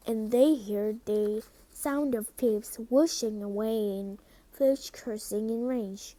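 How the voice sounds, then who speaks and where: A woman's voice: on the high side, mellow, no room sound. A woman reading a storybook aloud, carefully and at times in a whisper. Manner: slow, careful, sometimes whispered. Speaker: reader.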